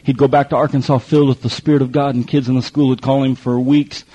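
A middle-aged man with a medium-pitched, dark, slightly rough voice speaks fast in a flat delivery. He preaches a folksy testimony sermon, acting out the people in his stories with quoted voices and repetition. The clip is muffled lo-fi.

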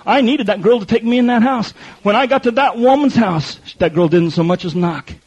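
A man's voice: high-pitched, fairly quick, darkish tone, slightly rough. A middle-aged man preaching a folksy testimony sermon, telling stories and acting out the other people in them. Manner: folksy storytelling with quoted voices and repetition. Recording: muffled lo-fi recording.

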